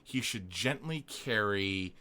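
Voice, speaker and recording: A man's voice: on the low side, animated, takes it slowly, pushed and bright. A man co-hosting a podcast, retelling a film's plot in loose, chatty casual talk. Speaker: podcast co-host. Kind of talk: casual film-review chat.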